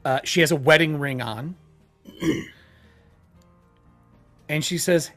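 A man narrating as game master of a tabletop game in a halting way. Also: fairly high pitch, fairly bright tone, soft background music.

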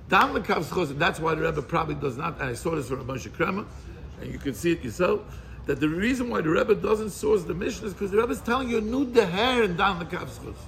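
A man leading an informal Torah class, animated and quizzing his listeners, mixing Hebrew and Yiddish terms into English. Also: sits high, a little hiss or hum.

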